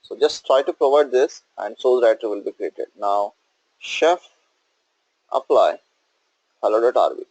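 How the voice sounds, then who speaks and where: A man's voice: medium pitch, moderate pace, long pauses, a little mellow, no echo, rough recording. A male instructor walking through a coding tutorial on screen, explaining step by step and checking in with "okay?" and "right?".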